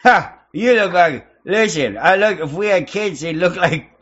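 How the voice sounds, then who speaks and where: A man's voice: sits high, lively intonation, measured pace, a bit bright, breathy edge. A man hosting provocative video chats with strangers, talking in a taunting, mocking, crude way over lo-fi audio. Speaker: host of a video-chat prank stream. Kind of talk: provocative casual chat with strangers. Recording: lo-fi online video-chat audio.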